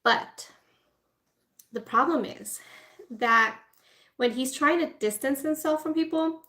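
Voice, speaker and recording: A woman's voice: high voice, slow, pushed and bright. A woman food vlogger telling a story in a casual, chatty way, full of "like" and "right?", and acting out people in quoted asides. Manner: chatty, informal, lots of "like" and "right?". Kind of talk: casual storytelling while eating.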